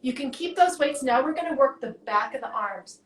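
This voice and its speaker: A woman fitness coach guiding a workout with quick, encouraging cues, out of breath. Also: high voice, lively intonation, echoey room, low-quality recording.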